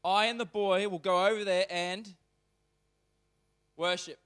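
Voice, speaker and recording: A man preaching as a pastor in church. He reads scripture aloud, then explains it in a casual, animated way, turning suddenly loud or quiet. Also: high voice, measured pace, clean tone. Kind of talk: sermon reading and explaining scripture.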